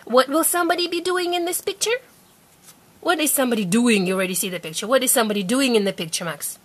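A fairly high-pitched woman with a lively, swooping voice runs a patient phonics lesson at home. She speaks slowly and clearly, repeating each word and coaxing a child to say it back. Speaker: parent teaching a child to read.

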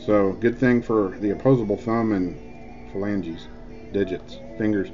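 A man's voice: fairly low pitch, steady tone, unhurried, dark tone. A man rambling through a casual, jokey vlog review, full of filler words. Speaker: e-juice reviewer. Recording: dull lo-fi with faint music.

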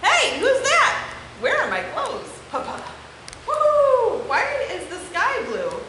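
A woman voicing a group of playful, bouncy talking crayons in a storybook reading, with an excited, exclamatory manner. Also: very high-pitched, measured pace, pitched above the performer's own voice, exaggerated voice. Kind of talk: storybook read-aloud. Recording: echoey room with background noise.

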